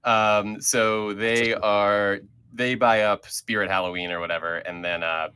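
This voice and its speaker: A man's voice: on the low side, steady tone, a little slow, bright, forceful tone, clean tone. A man leading a casual group chat as host, talking in a rambling way with many fillers and restarts.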